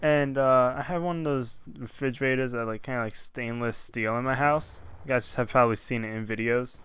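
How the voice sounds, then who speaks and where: A young man casually telling a long story over gameplay as a commentator, animated and rambling, with constant "I'm like" asides. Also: medium pitch, a little fast, smooth.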